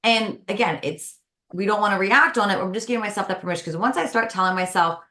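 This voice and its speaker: Lively woman coaching on stress. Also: mid-range voice, fast. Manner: lively, acts out everyday dialogue. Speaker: podcast guest, stress coach. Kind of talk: casual conversational advice.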